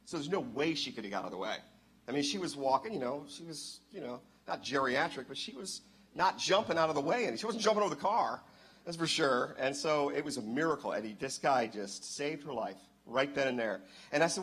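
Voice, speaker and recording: Man, animated church storyteller, swooping lively pitch, bright forceful tone, loud outbursts. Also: brisk, a little hiss or hum. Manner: excitable, bursts into loud exclamations. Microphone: handheld microphone.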